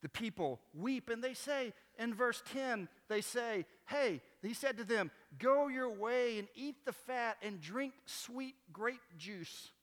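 Impassioned high-voiced preacher in a big hall. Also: male voice, animated, takes it slowly, hardly any pauses. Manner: swings from quiet teaching to loud impassioned preaching. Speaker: pastor. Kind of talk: sermon. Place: church sanctuary.

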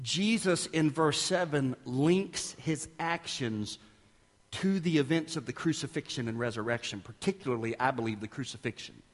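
A man preaching a sermon as pastor, emphatic and dramatic, dropping to hushed asides and rising again. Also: medium pitch, normal speed, long reverb tail.

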